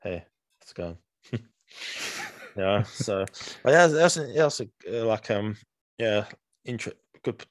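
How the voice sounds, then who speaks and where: A man with a low-pitched voice, recorded dry, co-hosts a podcast. He chats casually and rambles, restarting his sentences often and saying "man" a lot.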